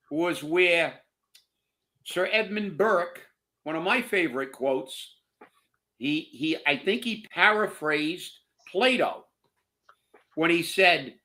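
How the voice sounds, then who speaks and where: A co-host on a political commentary show launches into an angry, profane rant, tripping over his words and repeating them as he gets worked up. His voice sits high for a man, bright and edgy.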